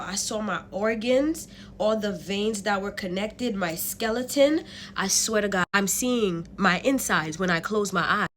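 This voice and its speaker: A young woman telling a storytime vlog in an animated, slangy way, with swearing and laughter. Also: medium pitch, slight background noise. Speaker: vlogger.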